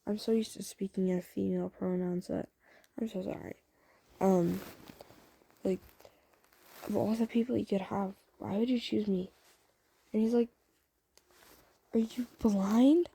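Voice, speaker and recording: Woman, casual storyteller, rambling, filler-heavy, husky voice, very mellow tone. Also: medium pitch, fairly even intonation, moderate pace, pauses often, no echo, low-quality recording. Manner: chatty, rambling, lots of fillers. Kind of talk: casual spoken fan story.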